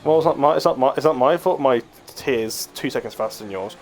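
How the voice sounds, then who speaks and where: A man co-commentating a live sim race in a calm, dry, matter-of-fact way. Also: mid-range voice, brisk, rough recording.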